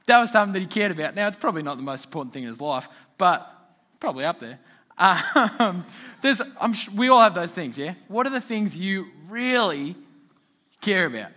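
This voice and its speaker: A young man giving a youth talk in a relaxed, chatty way, telling stories and laughing often. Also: high-pitched, a little fast. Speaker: youth pastor.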